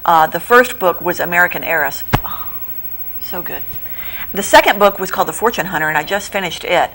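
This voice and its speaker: A middle-aged woman who runs a bookstore, chatting as a guest in a local TV studio interview, animated and quick to laugh as she retells plots. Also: background noise. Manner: acts out quoted lines in a higher voice. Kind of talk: casual TV interview chat.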